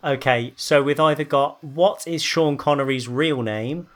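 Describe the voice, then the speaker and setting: A man's voice: fairly high pitch, a little slow. A man hosting a podcast, chatting casually and telling trivia. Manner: storytelling, hesitant fillers. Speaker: podcast host. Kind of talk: casual chat.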